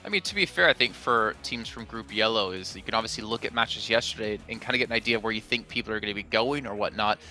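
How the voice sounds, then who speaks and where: Very bright-voiced man desk host. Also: fairly low pitch, quick pace, few pauses, soft background music. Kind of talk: hosting an analyst desk.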